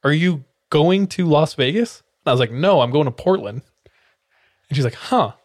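A man's voice: a little high, moderate pace, dry recording, clean studio sound. A young man co-hosting a podcast, telling a story in casual chat and acting out the voices of people in it. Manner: animated, acts out quotes with sound effects and laughs. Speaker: podcast co-host.

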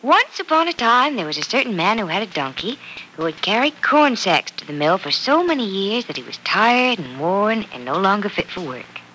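A woman's voice: mid-range voice, big pitch swings, moderate pace, bright, forceful tone, slight background noise, rough recording. A young woman playing a kind bride-to-be who patiently reads a fairy tale to a little girl, in 1940s radio-play acting. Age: young adult. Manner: patient, reading a story aloud.

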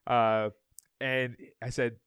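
A man's voice: mid-range voice, level tone, slow, fairly bright tone, clean tone, dry recording, clean studio sound. Rambling, laughing male podcast co-host. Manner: rambling storyteller, stammers and restarts, laughs as he tells it. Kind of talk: casual chat.

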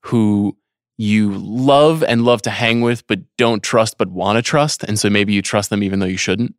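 A man hosts a podcast, firing off brisk questions to his guests. His voice sits on the low side. The sound is dry, with no room around it. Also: no echo. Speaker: podcast host. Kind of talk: casual interview.

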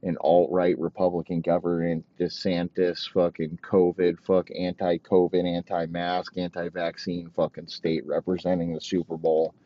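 Male host, very deep voice, crude rambling rant with constant swearing, dry lo-fi sound. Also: monotone, moderate pace, few pauses. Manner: crude, rambling, heavy swearing, mock outrage. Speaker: podcast host. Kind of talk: profane comedic rant. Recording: dull, dry lo-fi recording.

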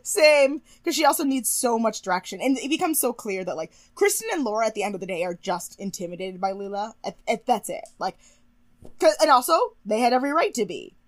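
A young woman co-hosting a podcast, chatting casually and animatedly about a TV show, gossipy and quick to laugh, sounding a bit tired. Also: fairly high pitch, sing-song, no room sound. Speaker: podcast co-host recapping a TV show. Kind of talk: casual chat.

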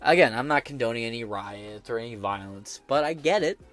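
A man's voice: mid-range voice, lively intonation, fairly quick, fairly bright tone, soft background music. An American man hosting a podcast, giving blunt, profane and sarcastic political commentary while reading headlines aloud. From United States. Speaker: podcast host.

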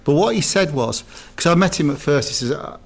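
A man's voice: on the high side, expressive, fairly quick, vocal fry. Rambling storytelling man. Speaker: co-host. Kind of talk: casual chat, anecdote.

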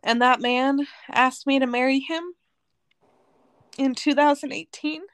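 A woman's voice: high voice, fairly even intonation, measured pace, no echo. A woman from Arizona, a podcast guest, telling her personal testimony in an earnest, emotional way.

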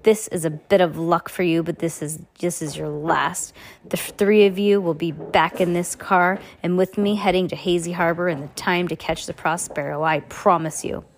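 Brief: woman reading as a scheming villain, low and slow, hissing threats. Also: fairly even intonation, lightly acted. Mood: menacing. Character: scheming villainous man in disguise.

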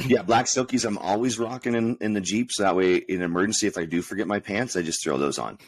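A man with a fairly low voice chats casually, with a wry, sarcastic bent to his jokes. The sound is dry and close to the mic. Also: quick pace, no echo, low-quality recording. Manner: wry, sarcastic, drily joking. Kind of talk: casual chat.

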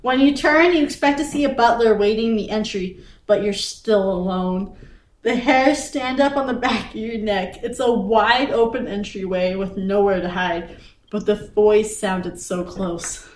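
A woman co-hosting a podcast, reading a choose-your-own-adventure story aloud in an animated way, laughing often and breaking off to chat. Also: mid-range voice, a little slow. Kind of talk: casual read-aloud storytelling. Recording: roomy echo, distant from the mic.

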